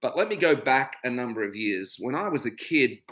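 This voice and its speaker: A middle-aged Australian livestream host speaks from home in a medium-pitched, fairly bright voice, talking a little fast with big pitch swings. He is chatty, greets his viewers by name, and turns to a reflective talk about his own experiences.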